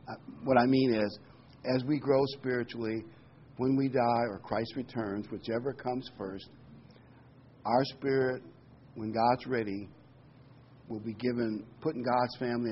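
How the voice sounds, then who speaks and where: A man's voice: mid-range voice, muffled recording, slight background noise. A man preaching a sermon in an earnest teaching manner, quoting and explaining scripture with frequent "um"s.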